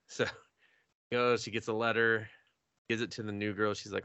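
A man co-hosting a podcast, casually retelling an anime episode with swearing, laughter and quick acted-out voices. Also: lowish voice, gravelly, smooth, no echo. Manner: animated storytelling with swearing and laughter, acting out characters. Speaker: podcast co-host.

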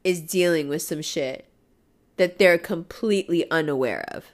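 A woman's voice: low voice, moderate pace. Raw, emotional woman swearing freely. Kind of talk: candid personal monologue.

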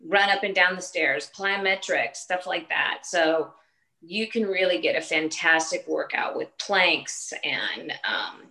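A woman's voice: lowish voice, lively intonation, unhurried, bright, forceful tone, low-quality recording. A woman in her late forties, a fitness trainer, chatting earnestly in a casual podcast interview, speaking in short restarting phrases. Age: 40s.

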